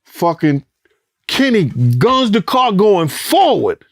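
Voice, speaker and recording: A man recounting events as a former bodyguard in an animated, profane interview, acting out voices and sounds. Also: high voice, takes it slowly, dry recording, clean studio sound. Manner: profane, acts out quotes and sounds, rising excitement.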